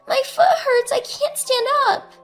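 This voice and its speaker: A woman's voice: unhurried, faint music behind. A woman voicing a small injured boy who whines and pleads through tears. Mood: crying. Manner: whiny, tearful, high childlike pleading.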